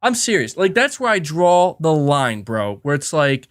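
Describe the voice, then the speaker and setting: Male podcast host, swearing rant, very lively pitch, keeps restarting. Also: a little slow. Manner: profane and emphatic, frequent restarts.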